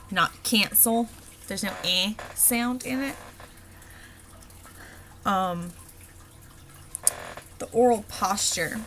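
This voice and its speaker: A woman dialect coach walking through an accent worksheet, pausing often with ums as she explains the sounds. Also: mid-range voice, fairly bright tone, a little hiss or hum. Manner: halting, many ums and pauses.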